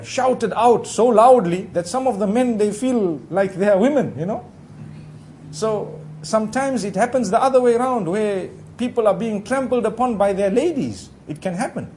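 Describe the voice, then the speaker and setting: A man giving a conversational Islamic sermon, talking directly to his listeners in a relaxed way with frequent asides. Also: high voice, a little hiss or hum. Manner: relaxed, talks directly to the audience with frequent "you know". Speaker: Islamic preacher.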